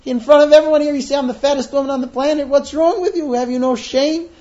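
A man's voice: fairly even intonation, quick pace, mellow, dull audio. A man voicing an upset wife wailing at her husband in an anecdote during a lesson. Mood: wailing outrage. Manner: shrill, indignant wailing.

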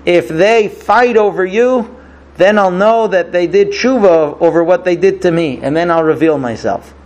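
A man voicing a stern, powerful male ruler in a retold story, speaking in a measured, imperious way. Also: sits high, close to an everyday voice. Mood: scheming.

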